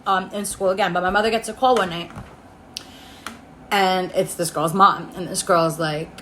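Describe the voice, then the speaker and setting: A woman's voice: lowish voice, fairly even intonation, normal speed, pauses often, pushed and bright, a little hiss or hum. Rambling young woman telling a story. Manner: rambling, full of "like" and laughs. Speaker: storytime vlogger. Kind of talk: casual storytelling. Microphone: iPhone.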